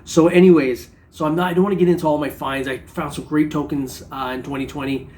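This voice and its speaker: Laid-back middle-aged man, slightly high voice. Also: steady tone, fast talker, darkish tone. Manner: laid-back, joking, rambling with many fillers. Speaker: metal detecting vlogger. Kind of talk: casual chat to camera.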